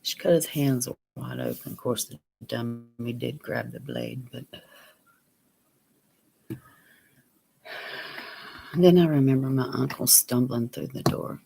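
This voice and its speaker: A man telling a personal story on his vlog, plain and unhurried, sometimes dropping to a near whisper. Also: medium pitch, sing-song, gravelly, dark tone, slightly rough. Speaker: vlogger.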